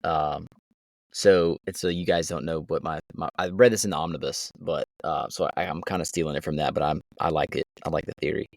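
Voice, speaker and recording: Deep-voiced man rambling about books. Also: steady tone, fairly quick, no echo, clean studio sound. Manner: rambling, trailing off. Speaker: podcast co-host. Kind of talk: casual book discussion.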